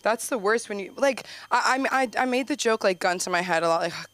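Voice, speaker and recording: A woman's voice: medium pitch, fairly quick, hardly any pauses, fairly bright tone, dry recording. A young woman doing a rambling stand-up set at an open mic, chatty and giggly, with lots of "like" and restarts. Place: small comedy club stage.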